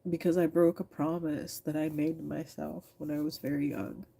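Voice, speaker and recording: A woman's voice: sits low, little pitch movement, normal speed, gravelly, warm tone, slight background noise. A woman in her thirties, teary and frank, speaking candidly to a live chat from her phone camera and swearing freely. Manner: frank, swears freely, talks back to commenters. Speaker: livestreamer reading chat.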